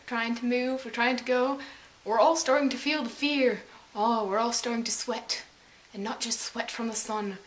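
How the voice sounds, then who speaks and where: A young woman telling a story to the camera in casual, dramatic bursts, swearing and sometimes yelling. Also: high-pitched. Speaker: vlogger.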